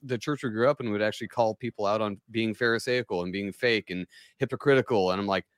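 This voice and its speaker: A man's voice: fairly low pitch, fast, no room sound, clean studio sound. A man co-hosting a podcast in casual chat, blunt and sarcastic, swearing freely. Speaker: podcast co-host.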